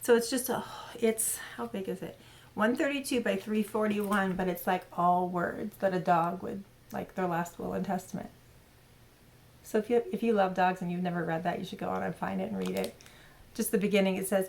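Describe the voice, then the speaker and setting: Woman host, casual show-and-tell vlog, gravelly fry, rambling and chatty. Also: medium pitch, fairly even intonation, moderate pace. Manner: chatty, rambling with many fillers and self-corrections. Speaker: cross-stitch channel host.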